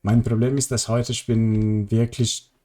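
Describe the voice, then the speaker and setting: Mellow-voiced male streamer chatting with chat. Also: fairly low pitch, flat delivery, measured pace. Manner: chatty, rambling, answers viewers' chat. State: tired. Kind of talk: casual live-stream chat while gaming.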